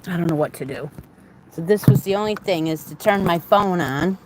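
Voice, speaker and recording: Talking at a moderate pace in a lowish voice, this woman runs a crochet live stream from a room at home, her phone propped on the desk. She rambles and laughs a lot. The audio is very noisy.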